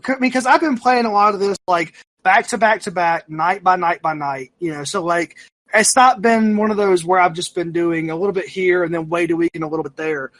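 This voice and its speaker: Bright, high-voiced rambling podcast man. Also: fairly quick, dry recording. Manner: rambling, full of fillers and restarts; animated, self-mocking storyteller. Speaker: podcast co-host. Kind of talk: casual chat.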